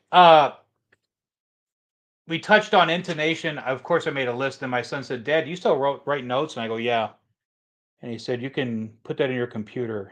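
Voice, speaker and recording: A middle-aged man talking loosely on a livestream, his voice at an ordinary mid pitch. He rambles, restarts his sentences and fills the gaps with "uh" and "you know". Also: fairly bright tone. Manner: rambling, full of fillers and restarts. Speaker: livestream host, guitar tech. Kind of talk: casual livestream chat.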